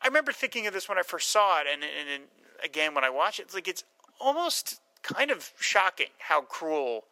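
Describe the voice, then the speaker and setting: A man talking films with a very bright, forceful tone, lively and quick to act out scenes in little quoted voices. The recording is dry and close, with no room sound. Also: high-pitched, no room sound, poor audio. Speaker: film discussion co-host. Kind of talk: casual film discussion.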